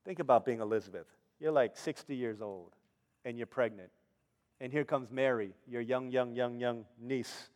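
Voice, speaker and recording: A middle-aged male pastor preaching a sermon, telling stories in an animated way and acting out the people in them. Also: medium pitch, normal speed, big-room sound. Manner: animated storytelling, acts out characters.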